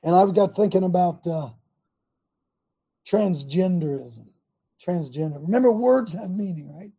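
A man's voice: high voice, lively intonation, a little slow, dark tone, husky. An older American man hosting a talk show, rallying listeners in a rambling, preachy monologue with many restarts.

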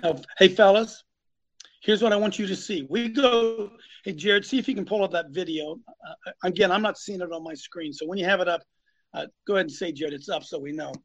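A man's voice: sits high, brisk, muffled recording. A man preaching emphatically as host of a live talk show, repeating his points and calling on co-hosts by name. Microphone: phone.

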